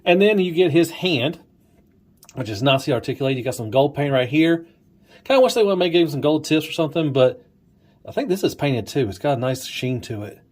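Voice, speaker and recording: A man casually reviewing an action figure, pointing out details with enthusiasm and dropping to a hushed, admiring tone at times. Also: on the high side, expressive, a little fast. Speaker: toy reviewer. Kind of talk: casual toy review walkthrough.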